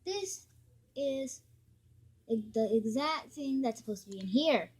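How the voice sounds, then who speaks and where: A woman's voice: high voice, animated, slow pace, darkish tone, breathy edge. A woman vlogging a casual spoof unboxing, chatty and mock-annoyed as she complains.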